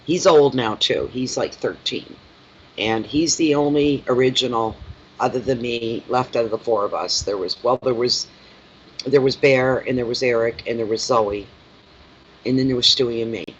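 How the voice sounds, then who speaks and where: A man's voice: medium pitch, normal speed, fairly bright tone. A man who reads tarot, chatting casually on a live stream, rambling and talking fondly to his cat. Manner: rambling, fond baby talk to his cat. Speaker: tarot reader. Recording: dull lo-fi sound with faint noise.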